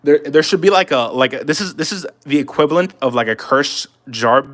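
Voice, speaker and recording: A man with a slightly high, a bit bright voice talks briskly and animatedly on a live stream. Loose and talkative, he answers chat comments while he works on a drawing.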